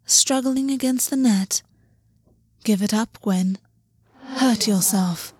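A woman's voice: fairly high pitch, slow, darkish tone, slightly rough, no echo. Predatory waterhorse man voiced by a woman reader, lazy and commanding, teasing drawl, dry close sound.

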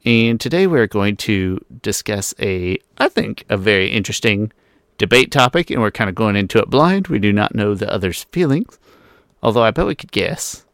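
Low-voiced guy hosting a chatty podcast, dry close mic, lots of side comments. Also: animated, fairly bright tone, no echo. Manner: chatty, introduces the show with quick asides. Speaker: podcast host. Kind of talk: casual podcast chat.

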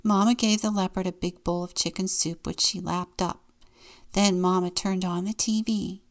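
A woman deacon reading a children's picture book aloud in a gentle, unhurried storytelling manner. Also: fairly low pitch, steady tone.

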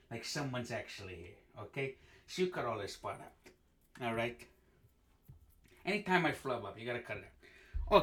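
A man's voice: mid-range voice, a bit bright, breathy edge. A man hosting a comedy podcast, talking in a crude, rambling way full of swearing and fillers. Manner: profane, rambling, with many fillers and "okay?". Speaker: podcast host.

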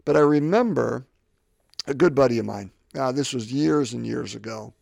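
A man's voice: medium pitch, expressive, normal speed, gravelly, darkish tone, dry recording. A man in his fifties hosting a faith podcast, talking reflectively and often repeating words as he gathers his thoughts. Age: 50s. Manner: rambling, repeats words while thinking. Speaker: podcast host.

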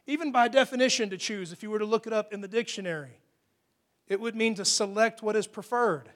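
Preaching to his congregation in a church hall, a high-voiced pastor talks fairly quickly. His sermon shifts from conversational speech to emphatic peaks and down to soft, hushed asides.

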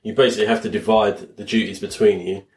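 A man on a casual gaming podcast, chatty and quick to explain how a game works. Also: on the low side, fairly even intonation, a little mellow. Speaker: podcast co-host.

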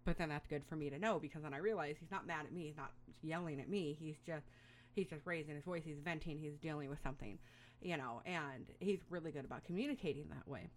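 A middle-aged woman with a notably low, deep speaking voice talks through parenting advice in a relaxed, rambling way. She fills her speech with "you know" and "um," and lets small laughs slip in between her thoughts. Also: fast, a little hiss or hum. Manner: rambling, chatty, with frequent fillers and little laughs. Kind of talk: casual advice monologue.

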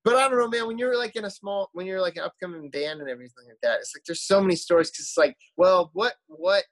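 A man's voice: high voice, fast. A man, a musician guest, telling tour stories in casual podcast chat, rambling with lots of fillers and restarts.

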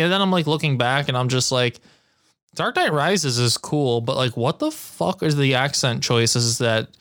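A man co-hosting a podcast in casual, joking chat, animated and profane. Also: medium pitch, dry recording, clean studio sound. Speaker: podcast co-host.

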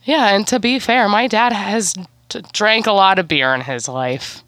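A woman in her twenties co-hosting a podcast in casual chat, animated, blunt and quick to laugh. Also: mid-range voice, no room sound. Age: 20s. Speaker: podcast co-host.

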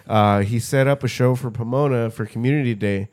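A man's voice: medium pitch, a little fast, darkish tone. A man co-hosting a casual podcast, rambling and swearing, often tripping over his own words as he tells a story. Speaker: podcast co-host. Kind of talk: casual chat.

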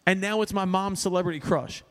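A man co-hosting a podcast in casual chat, animated and swearing, with lots of fillers. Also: sits high, brisk, big-room sound. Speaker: podcast co-host.

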